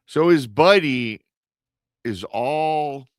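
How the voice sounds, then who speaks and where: A man's voice: fairly high pitch, lively intonation, drawn-out words, clear, resonant tone, no echo, clean studio sound. A man telling a spooky story in a casual, rambling way on a radio show, repeating words and acting out the dialogue.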